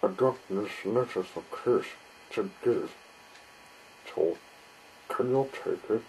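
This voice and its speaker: A man's voice: lowish voice, takes it slowly, darkish tone, a little hiss or hum, low-quality recording. A man voicing a kindly grown man in a storybook reading, polite and friendly.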